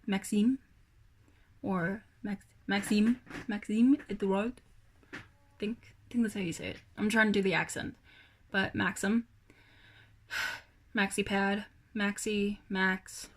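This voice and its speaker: A woman's voice: mid-range voice, vocal fry, fairly bright tone. A young woman rambling through a casual personal vlog, hesitant, with many fillers and sighs. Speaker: vlogger.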